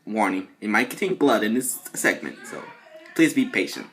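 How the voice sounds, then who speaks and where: A fan-video creator giving excitable, jumpy commentary with casual swearing. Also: mid-range voice, moderate pace, a little hiss or hum. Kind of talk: excitable skit narration with commentary.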